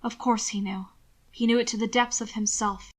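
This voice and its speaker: A woman narrating a novel in a soft, even storytelling voice. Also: on the high side, normal speed. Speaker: audiobook narrator.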